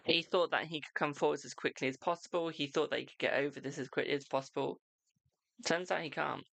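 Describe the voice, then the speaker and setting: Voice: mid-range voice, steady tone, quick pace, gravelly, fairly bright tone, no room sound. A tarot reader hosting a casual livestream, chatty and informal, talking straight to the viewers while sounding tired. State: tired, yawning.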